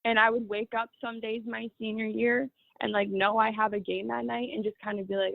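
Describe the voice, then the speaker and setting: A woman's voice: a little high, little pitch movement, a little fast, creaky, few pauses, no room sound. A young woman in her twenties, a guest telling her story in a casual, chatty way and filling her speech with "like". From Los Angeles, California. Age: 20s. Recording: tinny, dry phone-like line.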